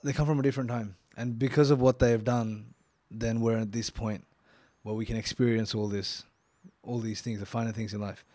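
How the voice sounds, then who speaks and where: A man hosting a casual podcast chat, chatty and quick to chime in with "yeah" while telling anecdotes. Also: mid-range voice, fairly even intonation, mellow, no room sound. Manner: chatty, back-channels "yeah" a lot, drops into quoted anecdotes.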